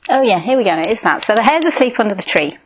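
A woman's voice: medium pitch, sing-song, fast, a little hiss or hum, rough recording. A woman meditation teacher giving an informal dharma talk, telling and reading a Buddhist fable with light asides. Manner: informal, warm, chuckling asides.

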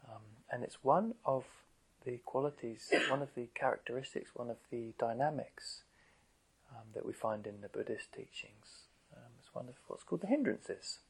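Gravelly, husky meditation teacher. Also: male voice, medium pitch, moderate pace, low-quality recording. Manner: gentle, conversational, asks rhetorical questions. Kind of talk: dharma talk to meditators.

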